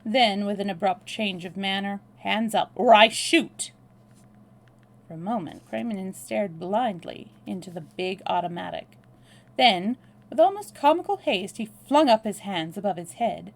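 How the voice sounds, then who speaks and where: Female storyteller reading a novel aloud, calm and even, with a gravelly texture. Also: medium pitch, moderate pace.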